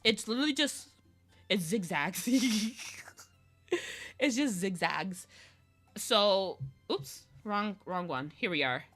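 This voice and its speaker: Bright bouncy woman on a drawing stream, rambling and talking to herself, faint music underneath. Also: a little high. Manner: rambling, self-talking, playful. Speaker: digital artist streaming her drawing process. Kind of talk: casual live-stream chat while drawing.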